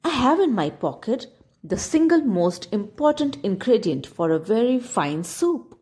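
A woman's voice: on the high side, sing-song, measured pace, a little mellow. A woman voicing a shabby, polite wandering man who coaxes and persuades. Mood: coaxing. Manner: polite, courtly and coaxing.

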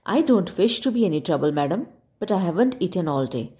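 A woman's voice: fairly low pitch, sing-song, a little fast, warm tone. A woman voicing a shabby, polite wandering man who coaxes and persuades. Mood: coaxing. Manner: polite, courtly and coaxing.

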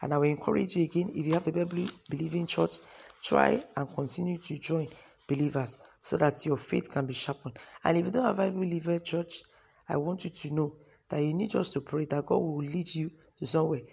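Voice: mid-range voice, brisk, gravelly, a little mellow, breathy edge. A preacher, earnestly praying and declaring blessings to close a devotional. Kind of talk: closing prayer and blessing.

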